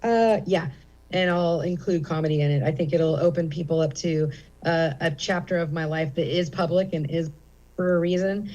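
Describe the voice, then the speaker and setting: A woman's voice: sits low, fairly even intonation, moderate pace, dark tone, dull audio. A middle-aged woman comedian speaking as an interview guest at a comedy theater, candid and rambling with many fillers. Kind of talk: casual interview chat.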